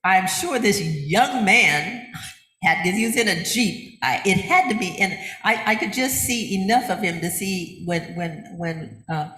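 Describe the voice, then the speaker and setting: A woman's voice: mid-range voice, unhurried. Older lady pastor, chatty sermon, laughs a lot, echoey church room. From United States. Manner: chatty and animated, acting out quotes with laughter. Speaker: minister. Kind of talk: conversational sermon. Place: church sanctuary. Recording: roomy church echo.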